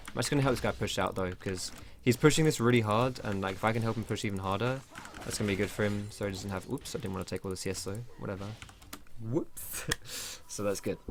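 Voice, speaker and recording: Fast-talking young man. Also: lowish voice, slight background noise. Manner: chatty, rambling, swears when surprised. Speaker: gameplay commentator. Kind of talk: casual gameplay tutorial commentary.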